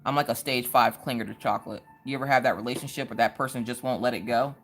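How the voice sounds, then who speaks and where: A woman's voice: extremely low pitch, fast, soft background music. A woman in her thirties hosting a casual livestream, telling stories and greeting viewers by name. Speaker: livestream host.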